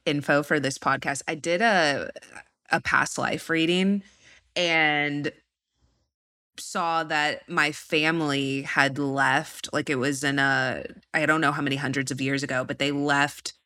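A woman's voice: deep voice, steady tone, measured pace, bright, forceful tone. A woman who is a podcast guest, chatting casually and laughing often as she trails off mid-sentence. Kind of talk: casual chat.

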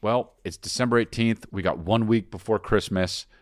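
A man's voice: lowish voice, moderate pace, no echo, clean studio sound. A man co-hosting a podcast in casual, teasing banter, rambling and plugging his tour dates. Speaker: podcast co-host and touring comedian.

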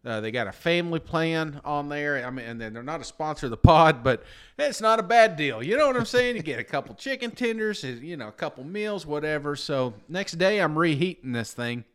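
A man's voice: fairly high pitch, big pitch swings, brisk, clear, resonant tone. A man, tired after a sleepless night, co-hosting a podcast and telling a long, rambling, self-deprecating story in casual chat. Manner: rambling, self-deprecating, peppered with "you know what I'm saying". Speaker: podcast co-host.

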